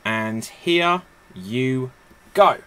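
A man's voice: medium pitch, lively intonation, drawn-out words, a bit bright, clear, resonant tone. A man hosting a live-streamed improv show, chatty and self-mocking.

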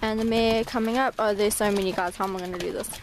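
A woman's voice: steady tone, quick pace, noisy background. A woman vlogging as she walks through her stables, chatting to viewers and calling out to the horses. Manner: chatty, calls out to horses in a high sing-song. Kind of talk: casual walk-and-talk vlog.

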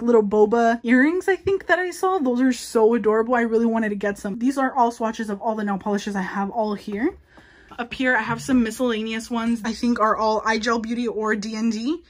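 A young woman with a slightly high voice gives a casual room-tour vlog. She talks fast and chats nervously, piling on fillers as she shows off her space. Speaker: nail artist showing her workspace.

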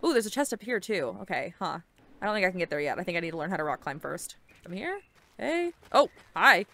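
A young woman giving casual, excitable let's-play commentary while playing a game, chatty and swearing casually. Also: lowish voice, rapid-fire, slight background noise. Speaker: gaming video creator.

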